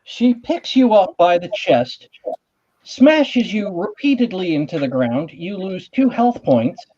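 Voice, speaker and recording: A man's voice: high-pitched, sing-song, slow pace, warm tone. A man running a tabletop game as game master, narrating with wry, playful humor in a dull lo-fi recording. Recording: dull lo-fi audio.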